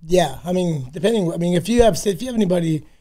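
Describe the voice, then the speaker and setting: A man guesting on a casual podcast chat, talking in a raspy voice, rambling and swearing freely. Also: high-pitched, animated, fast, warm tone.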